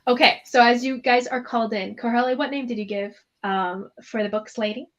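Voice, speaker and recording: A woman's voice: fairly high pitch, fairly even intonation, fairly quick, fairly bright tone. Chatty woman game master, lo-fi. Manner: loose, chatty narration. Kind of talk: narrating a tabletop game.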